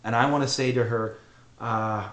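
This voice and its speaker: A middle-aged man telling a heartfelt personal story on a podcast, earnest and emotional, often halting and repeating himself. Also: medium pitch, steady tone, fairly bright tone. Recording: roomy echo.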